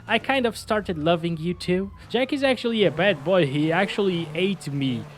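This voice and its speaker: A man with a fairly high voice talks through gameplay in a loose, casual way. He gets excited easily, chatters on, and breaks into laughter often, like a gaming channel host talking to his regulars. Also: normal speed, slight background noise.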